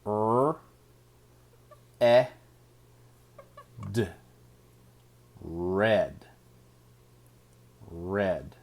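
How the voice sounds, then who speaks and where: Slow, deliberate man teaching phonics. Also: on the low side, big pitch swings, darkish tone. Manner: slow, deliberate sounding out of words. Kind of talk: phonics lesson.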